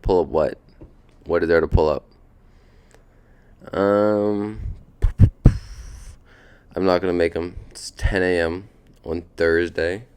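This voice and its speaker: A man's voice: sits low, fairly even intonation, slow pace, long pauses, a little mellow, clean tone. A sleepy young man hosting a podcast from a beanbag at home, chatting in a laid-back, rambling, slangy way. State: sleepy, just woken up. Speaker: podcast host. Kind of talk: casual rambling podcast chat.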